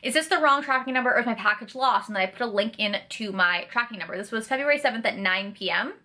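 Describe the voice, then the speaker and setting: A young woman from Canada vents in a blunt, sarcastic rant full of swearing. Her voice is bright and forceful and sits a little high. She talks casually to camera. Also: quick pace. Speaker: vlogger. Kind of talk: ranting vlog.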